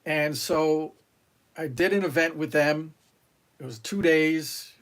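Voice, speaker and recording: In casual interview storytelling on a podcast, a middle-aged retired Marine from New York rambles through his tales with many fillers and restarts, imitating what other people said. He talks slowly in a voice that's a little high.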